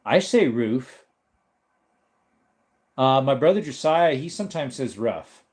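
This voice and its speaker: A relaxed American man hosts a live stream from his home, talking casually and reading out comments from the chat. His delivery is loose and chatty, often broken up by laughter. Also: mid-range voice, takes it slowly. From United States.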